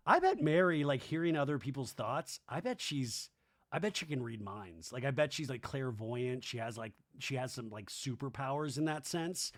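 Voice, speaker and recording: A man's voice: on the high side, lively intonation, moderate pace. A man hosting a podcast, recapping a reality show in a rambling, incredulous way with lots of asides. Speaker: podcast host.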